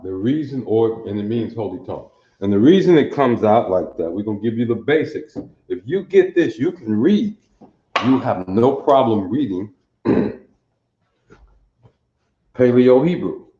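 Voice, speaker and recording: A man's voice: mid-range voice, mellow. A man with a Detroit accent teaching a class at a board, repeating phrases and checking that everyone is following. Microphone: camera mic, sometimes far away. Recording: echoey dull room recording.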